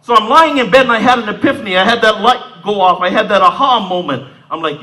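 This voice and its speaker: A man in his fifties from Southern Ontario, telling his story to an audience in a high, bright voice that is sharp and tense. His pitch swoops and jumps all over as he acts out scenes in a streetwise way. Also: expressive, quick pace, few pauses, rough recording. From Southern Ontario, Canada. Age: 50s. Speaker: speaker giving a talk. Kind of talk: storytelling talk.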